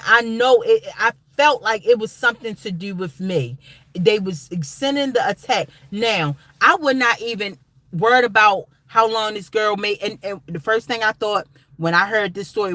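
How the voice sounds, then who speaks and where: A woman's voice: mid-range voice, fairly bright tone, no echo. A woman vlogger talking straight to her viewers in casual commentary, emphatic and rambling, calling them guys and y'all. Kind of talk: casual direct-to-camera commentary.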